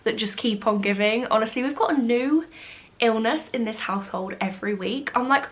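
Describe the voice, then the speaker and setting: A young woman chatting warmly in a cozy vlog, a bit nasal and short of breath from a cold. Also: fairly high pitch, normal speed. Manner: gushing and affectionate, many "like"s. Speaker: vlogger. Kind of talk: cozy casual vlog chat.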